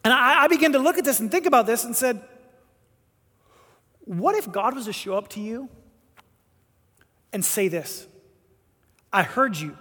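A man preaching a sermon, telling a story with animated, emphatic delivery and voiced quotes. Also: extremely high pitch, normal speed, pauses often. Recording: long hall reverb.

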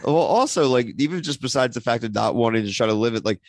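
Male podcast host, mid-pitch, excitable, rambling with fillers; dry close recording. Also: quick pace, dry recording. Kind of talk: casual pop-culture podcast chat.

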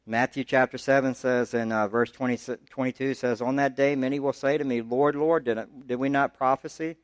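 Male pastor, mid pitch, conversational preacher who climbs in pitch to drive points home, close dry mic. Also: fairly even intonation, moderate pace, no echo. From United States. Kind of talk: sermon.

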